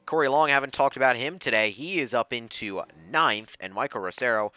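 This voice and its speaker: Man, race analyst, bright forceful voice, dry slightly dull mic. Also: medium pitch, fairly quick, dry recording. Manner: steady, analytical race calls. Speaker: race commentator. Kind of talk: sim racing commentary.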